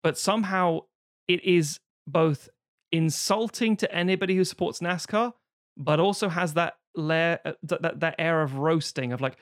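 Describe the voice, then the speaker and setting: A man in casual film review chat who swears freely and jumps into sudden high voices to act out quotes. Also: normal speed, no room sound, clean studio sound.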